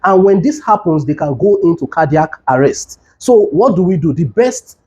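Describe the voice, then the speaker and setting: A male doctor earnestly teaches caregivers in an instructional talk with demonstration, issuing urgent, repeated warnings. His voice is on the high side, sing-song and mellow at normal speed, with the highs cut off in the audio.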